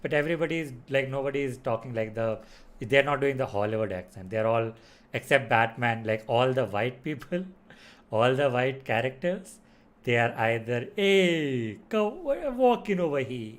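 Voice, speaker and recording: A man's voice: mid-range voice, moderate pace. A man giving a casual spoken film review, rambling with lots of fillers and restarts. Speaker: movie reviewer.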